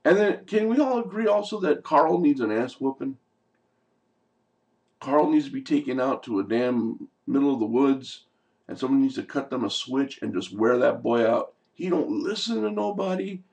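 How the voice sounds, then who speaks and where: A man's voice: medium pitch, expressive, normal speed, vocal fry, darkish tone, recorded from a distance. A man giving a heated, profane, exasperated recap of a TV episode in a casual rant. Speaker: TV show commentator.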